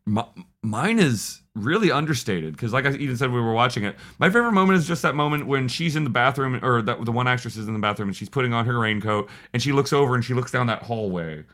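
A man's voice: mid-range voice, expressive, fast talker, fairly bright tone. A man co-hosting a podcast, chatting casually and enthusiastically about a horror film, swearing and laughing often. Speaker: podcast co-host.

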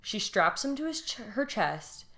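A woman's voice: medium pitch, big pitch swings, a little slow, sharp tone. A young woman co-hosting a casual podcast, retelling a case emotionally, with many fillers and trailing-off phrases. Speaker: podcast co-host telling a true crime case.

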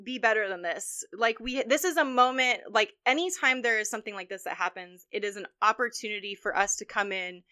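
A woman's voice: medium pitch, a little fast, few pauses, pushed and bright, smooth. A woman co-hosting a podcast, ranting heatedly about politics in a casual, profane way. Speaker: podcast co-host.

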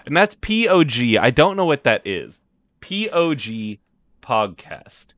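A man co-hosting a comedy podcast in casual chat, animated and laughing often as he mock-rants. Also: mid-range voice, measured pace, no echo, studio quality. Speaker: podcast co-host.

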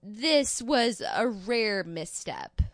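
A woman's voice: fairly high pitch, lively intonation, no echo, studio quality. Wry, sarcastic young woman co-host. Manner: wry, sarcastic critique, quick bursts. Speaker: podcast co-host. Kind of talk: casual chat reviewing a TV show.

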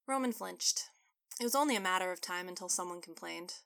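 A woman author narrating her own story in an even, scripted way. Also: on the low side, fairly quick, gravelly.

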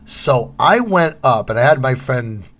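A man co-hosting a podcast in casual chat, an animated storyteller. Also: mid-range voice, measured pace. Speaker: podcast co-host.

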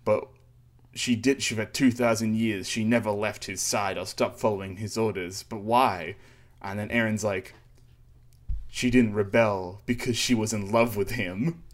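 A man's voice: on the low side, fairly even intonation, a little slow. A man casually recapping a manga chapter on a podcast, rambling with fillers and sarcastic asides. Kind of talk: casual chat.

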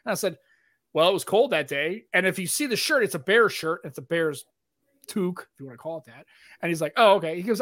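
Fast-talking high-voiced male host. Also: expressive, fairly bright tone, no room sound, clean studio sound. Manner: rambling, chatty, swears freely. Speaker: podcast host. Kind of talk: casual podcast chat.

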